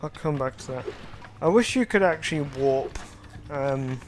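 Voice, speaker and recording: A man's voice: fairly high pitch, animated, a little hiss or hum. A man casually commenting on a game he is playing, hesitant and full of ums. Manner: hesitant, many ums, drawn-out pauses. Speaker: let's play host. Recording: loud game music under voice. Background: game music.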